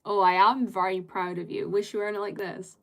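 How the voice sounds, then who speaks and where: A woman's voice: medium pitch, fairly even intonation, brisk, creaky, a bit bright. A British woman live-streaming, chatting casually with viewers in a rambling way and laughing often.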